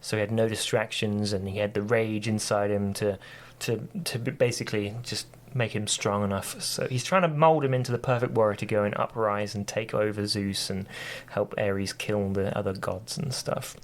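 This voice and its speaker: A man's voice: on the low side, steady tone, moderate pace, few pauses. A man on a podcast casually retelling a story, rambling with lots of fillers and restarts. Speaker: podcast co-host.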